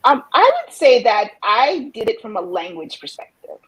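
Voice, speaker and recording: A woman panelist from a Jamaican family with a husky voice. She speaks in a reflective, measured way. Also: on the high side, very animated, a bit bright, poor audio. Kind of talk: casual panel discussion.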